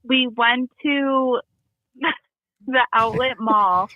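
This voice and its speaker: A woman's voice: fairly high pitch, fairly even intonation, very slow, no room sound, highs cut off. A young woman chatting casually, telling a story in a rambling way and laughing often. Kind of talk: casual chat.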